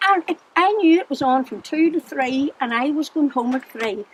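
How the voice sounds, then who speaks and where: Older Northern Irish woman, high voice, chatty storyteller, noisy recording. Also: expressive, normal speed. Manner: chatty storyteller, laughs often. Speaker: storyteller to children. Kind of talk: recounting childhood memories. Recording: noisy background.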